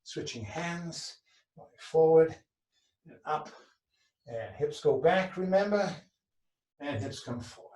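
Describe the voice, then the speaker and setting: A man leading a fitness class, giving calm, rhythmic counting cues, speaking some distance from the microphone. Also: a little high, slow, long pauses. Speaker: fitness instructor. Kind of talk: guiding an exercise class, then telling a joke. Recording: roomy echo, far from the mic.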